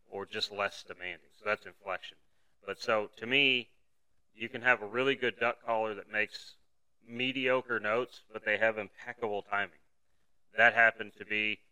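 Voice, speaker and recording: A man's voice: fairly low pitch, bright, forceful tone, clean tone, poor audio. A man hosting a podcast, teaching in a conversational, explanatory way and talking to a camera. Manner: explanatory, conversational, uses everyday analogies. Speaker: podcast host teaching duck calling. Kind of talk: solo instructional podcast talk.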